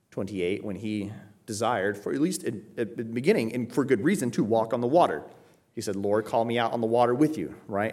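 A man preaching an expository sermon, emphatic and explanatory, often checking in with "right?" and raising his voice when acting out quoted pleas. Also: fairly low pitch. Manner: emphatic teaching, frequent "right?" check-ins. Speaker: pastor.

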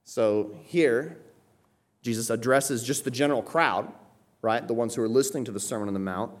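A man's voice: medium pitch, moderate pace. A man preaching an expository sermon, explaining a passage and often checking in with his listeners.

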